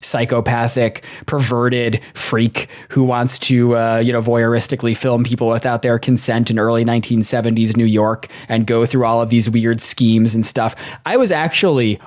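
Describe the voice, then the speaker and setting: A man's voice: mid-range voice, fairly even intonation, darkish tone. A young man co-hosting a podcast, talking through a film in a casual, rambling way and laughing easily. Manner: candid, rambling, quick to laugh. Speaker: podcast co-host.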